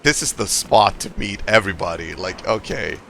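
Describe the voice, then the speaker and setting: A man chatting in character during a roleplay, chatty and excitable, laughing often. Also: on the low side, moderate pace, creaky, slight background noise. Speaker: roleplay player. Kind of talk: in-character casual chat.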